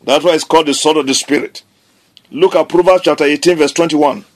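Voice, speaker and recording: A man's voice: a little high, steady tone, brisk. Emphatic man preaching a sermon. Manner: emphatic, declaring scripture with repetition.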